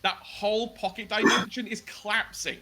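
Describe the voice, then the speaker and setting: An urgent, pleading astral mage, put on by a man in a high, bright voice. He sounds hurried and anxious to get everyone moving. He talks a little softer than the man's usual voice. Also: steady tone.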